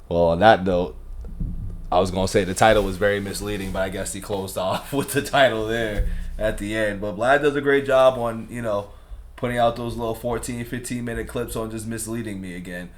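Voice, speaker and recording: A man's voice: on the low side, steady tone, normal speed. A young man hosting a reaction channel, talking in a laid-back, slangy, rambling way. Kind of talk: casual reaction commentary.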